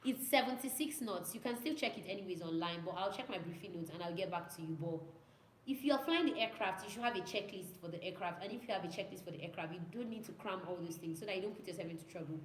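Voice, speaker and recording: A young woman who's a student pilot chats casually with viewers, answering their questions in a lowish, quick voice with a bit of hiss or hum. She repeats herself and mimics radio calls in an echoey room with faint ambience.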